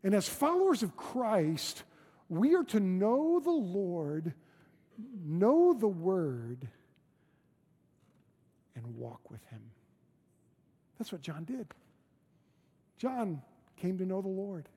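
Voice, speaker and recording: A man's voice: sits high, sing-song, slow, pauses often, mellow, slightly rough. A man preaching a sermon as pastor in a church, conversational and emphatic, with repeated phrases. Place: church sanctuary.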